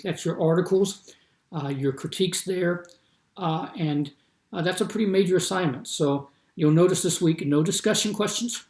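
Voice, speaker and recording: A man's voice: fairly high pitch, darkish tone, reverberant. A man giving a recorded course lecture, explaining patiently and repeating his examples with shifting stress. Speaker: instructor.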